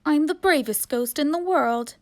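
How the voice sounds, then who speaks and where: A woman's voice: high voice, moderate pace, pitched above the performer's own voice. A woman voicing a boastful young girl ghost in a storybook reading. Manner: bragging, indignant.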